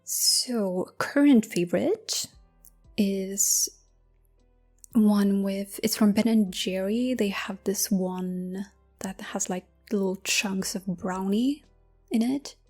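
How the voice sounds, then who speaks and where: A young woman answering questions in a soft-spoken ASMR Q&A, close to the mic, slipping into whispers. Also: mid-range voice, soft background music. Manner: slow, intimate, drifting into whispers with soft laughs. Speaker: ASMR creator.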